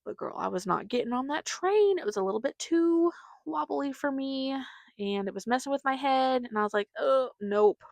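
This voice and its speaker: Chatty woman, higher voice, dry sound. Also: animated, fairly quick, gravelly, no echo. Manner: rambling, chatty, acts out quotes of her family. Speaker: podcast host. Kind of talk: casual storytelling monologue.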